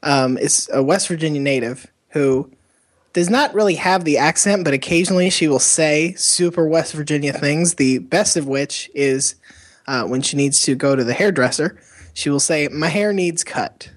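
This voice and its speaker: A man with a notably high voice co-hosts a casual podcast. He jokes in a rambling way and giggles often. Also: normal speed. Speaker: podcast co-host. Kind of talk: casual chat.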